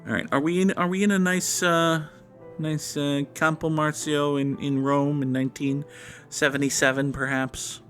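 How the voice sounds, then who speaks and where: A man's voice: on the high side, level tone, moderate pace, fairly bright tone, soft background music. A man hosting a gaming channel, talking through a guessing game in a sarcastic, rambling, self-mocking way. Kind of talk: casual gameplay commentary.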